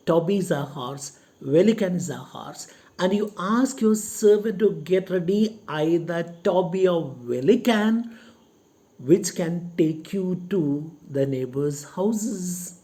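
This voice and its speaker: A teacher explaining a play to a class, paraphrasing each line slowly and repeating points in simple words. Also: medium pitch, expressive, warm tone.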